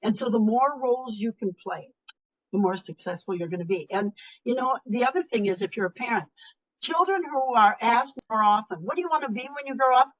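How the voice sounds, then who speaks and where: Older woman speaker, emphatic and animated. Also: fairly high pitch, fairly quick. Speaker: motivational speaker. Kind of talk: webinar talk. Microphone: video call. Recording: lo-fi video call audio.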